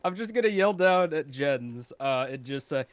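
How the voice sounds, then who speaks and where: A man playing a tabletop game on a dry close mic, his voice a bit high. He talks hesitantly, pausing on fillers before getting to his point. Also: animated, smooth, dry recording. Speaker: player. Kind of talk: casual tabletop play.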